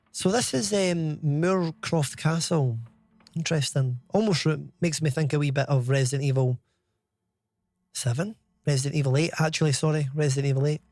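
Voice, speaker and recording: A Scottish man in his thirties giving chatty live commentary while streaming a game, reading out chat and swearing casually. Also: on the high side. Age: 30s.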